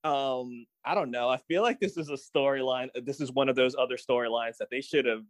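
A man's voice: mid-range voice, fairly quick, dry recording. A man co-hosting a podcast, chatting casually about a show with emphatic, exasperated jokes. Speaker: podcast co-host. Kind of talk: casual recap chat.

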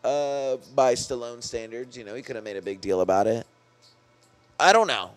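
A man's voice: mid-range voice, expressive, moderate pace. A young man co-hosting a podcast in loose, rambling casual chat, full of slang and swearing. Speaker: podcast co-host.

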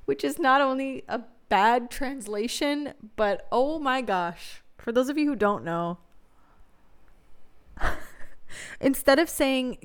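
A woman's voice: sits high, slow, long pauses, smooth. A young woman hosting a podcast, telling frank, profane stories in a casual monologue and laughing often. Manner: candid, laughing, profane storytelling. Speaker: podcast host.

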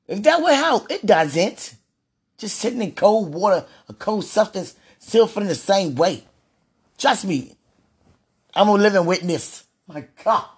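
A woman's voice: medium pitch, big pitch swings, a little slow, slightly rough. A woman vlogging in a casual, rambling monologue, sighing and repeating herself as she pleads aloud to God.

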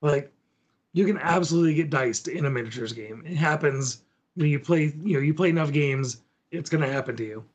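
This podcast co-host has a fairly high, husky voice and a brisk delivery. In relaxed tabletop gaming talk, he guides listeners through the material one step at a time.

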